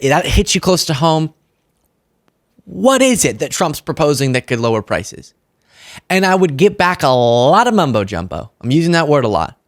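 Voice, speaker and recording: A man's voice: on the high side, dry recording, studio quality. A young man hosting a political commentary show, talking in a sarcastic, mocking monologue. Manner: sarcastic, animated, mocks opponents in put-on voices.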